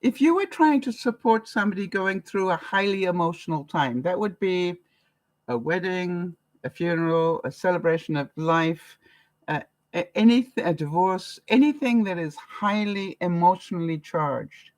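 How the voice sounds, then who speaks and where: Her voice sits on the low side at normal speed, and the audio is poor and dry. She's an older woman from Canada vlogging casually to camera, chatty and full of anecdotes, laughing often, with lively shifts in volume.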